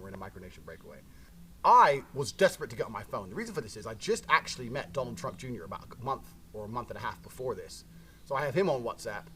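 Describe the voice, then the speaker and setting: A man's voice: medium pitch, slight background noise. A young man telling a wild story in casual talk, blunt and full of swearing. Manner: swears a lot, blunt and animated.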